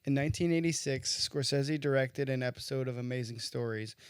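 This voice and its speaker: A man's voice: mid-range voice, fairly quick, clear, resonant tone, dry recording. A man co-hosting a film podcast, mostly giving short agreeing replies and reading a brief segment intro. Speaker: podcast co-host. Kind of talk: casual film discussion.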